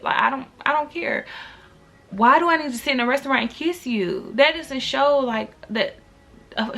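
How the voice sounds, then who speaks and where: Young woman vlogger, higher voice, chatty storytime to viewers, incredulous. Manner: animated, talks to viewers directly; exasperated, incredulous. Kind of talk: casual storytime.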